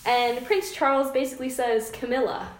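A woman's voice: medium pitch, unhurried. A woman in casual chat, telling a scandalous story with playful relish and frequent laughter. Her voice sits in an ordinary middle register. The room adds a noticeable echo. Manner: laughs often, playful gossiping. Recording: roomy echo.

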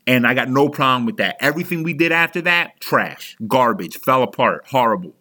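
A man's voice: mid-range voice, lively intonation, fairly quick, sharp tone. A young man hosting a sports podcast, ranting angrily as a frustrated fan, heated and profane with frequent restarts. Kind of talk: angry fan rant.

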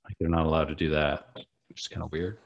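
A man co-hosting a podcast, recapping a TV episode in a relaxed way with lots of filler words. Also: a bass voice, quick pace, creaky, dull audio. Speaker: podcast co-host. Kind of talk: casual chat.

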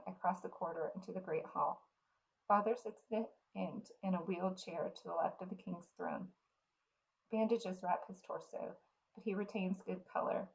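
A woman reading a fantasy novel aloud in the first person, in an earnest, unhurried way. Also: on the low side, gravelly, highs cut off. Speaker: reader.

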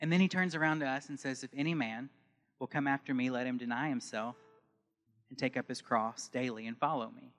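A man preaching a sermon to a congregation in a church, moving from calm teaching to loud, impassioned preaching. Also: medium pitch, brisk, big-room sound. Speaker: pastor.

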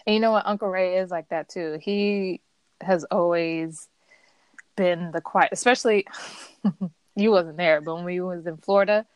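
A woman hosting a podcast, in a relaxed, chatty conversational manner. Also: on the low side, measured pace, clear, resonant tone, no echo. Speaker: podcast host. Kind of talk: casual chat.

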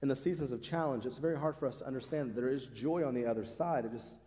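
A man's voice: mid-range voice, fast talker, warm tone, in a large hall. A man preaching a sermon as pastor, speaking earnestly and conversationally, lifting his voice for emphasis. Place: church sanctuary.

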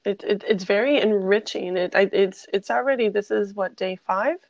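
A woman co-hosting a casual podcast, halting and giggly, often restarting her sentences. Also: mid-range voice, creaky, no echo, dull audio. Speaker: podcast co-host.

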